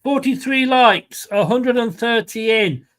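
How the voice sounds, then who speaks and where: The fan channel host, a man with an English accent, has a very high-pitched, fairly bright voice and takes his time. He casually narrates the football live and chats with the people watching along.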